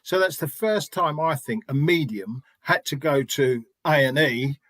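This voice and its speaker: His voice sits on the high side, a bit bright, and he speaks a little slowly with no echo. This middle-aged spiritualist medium tells stories in a chatty interview, frequently starting over and performing the dialogue he quotes.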